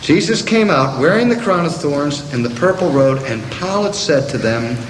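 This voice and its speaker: Older guy preaching, slow with big pauses, high voice, faint room hiss. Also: lively intonation. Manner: slow, deliberate, dramatic pauses. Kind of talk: sermon. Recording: echoey hall from a distance.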